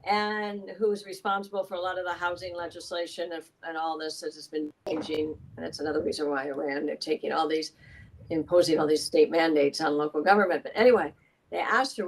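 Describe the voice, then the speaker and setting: A woman's voice: low voice, fairly even intonation, a little fast, low-quality recording. A woman state assemblywoman giving an emphatic interview as a podcast guest, talking at length with asides. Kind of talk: casual political interview.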